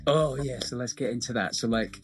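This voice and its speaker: A man hosting a casual chat, relaxed and hesitant, often repeating words. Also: medium pitch, fairly quick, faint music behind. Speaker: host.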